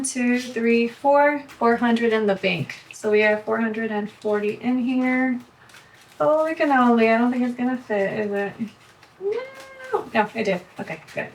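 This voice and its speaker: A young woman vlogging casually as she counts bills aloud, chatty and quick to correct herself. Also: a little high. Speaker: budgeting vlogger. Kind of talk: casual talk while cash stuffing. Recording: voice from a distance, faint background noise.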